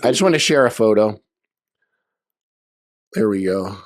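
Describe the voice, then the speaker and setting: A man with a lowish, expressive voice tells casual stories at a memorial held over video call, using plenty of fillers. He speaks at a measured pace. The sound is clean and studio-like, without echo.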